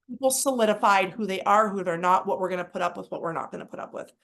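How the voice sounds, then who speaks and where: Excitable rambling woman podcaster. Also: mid-range voice, quick pace. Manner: rambling and excitable, heavy use of "like". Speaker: podcast co-host. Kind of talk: casual spiritual chat.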